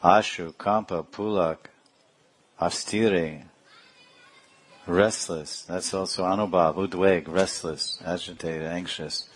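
A man's voice: deep voice, steady tone, slow, breathy edge. A middle-aged man giving a devotional lecture, reciting Sanskrit verses and explaining them with a laugh now and then. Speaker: spiritual teacher.

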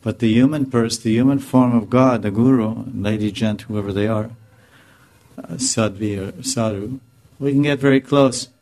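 A man speaking as a spiritual teacher, answering a question in a relaxed, conversational discourse and often stopping to correct himself. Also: medium pitch, moderate pace. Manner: conversational, self-correcting, chuckling now and then.

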